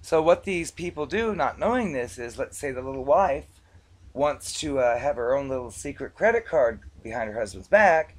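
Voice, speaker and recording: A man telling stories to camera in a casual, conversational vlog monologue, relaxed and dotted with filler words. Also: mid-range voice, normal speed. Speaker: vlogger recounting past collections work.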